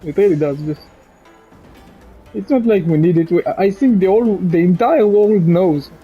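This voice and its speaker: Young guy from israel crying into the camera, husky choked-up voice, stumbling over words, dull lo-fi sound with faint music. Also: sits high. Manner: halting, repeats words, swears, voice breaking. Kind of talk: emotional direct-to-camera monologue. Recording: dull lo-fi recording.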